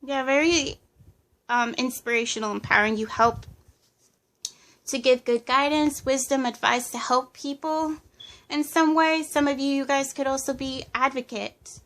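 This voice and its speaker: A woman's voice: high voice, steady tone, moderate pace, a bit bright. A woman giving a pick-a-card tarot reading in a casual, hesitant way, listing impressions with many fillers. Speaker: tarot reader.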